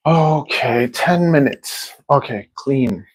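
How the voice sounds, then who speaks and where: Male streamer, casual and rambling, average pitch, at home. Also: lively intonation, takes it slowly, poor audio. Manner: chatty, rambling, often restarts sentences and laughs at himself. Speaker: streamer and drone builder. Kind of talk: casual live-stream chat. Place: indoors at home, near a kitchen sink.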